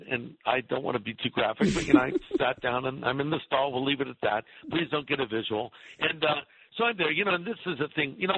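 A middle-aged male pastor telling a lively anecdote in a radio interview, acting out the voices in his story. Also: medium pitch, breathy edge. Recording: tinny phone-line radio sound.

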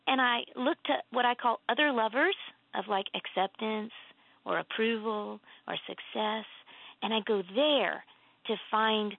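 Gravelly woman storyteller on a tinny phone-like line. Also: measured pace, no echo. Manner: earnest, animated storytelling with emphatic pitch lifts. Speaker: author and guest. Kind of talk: casual faith conversation.

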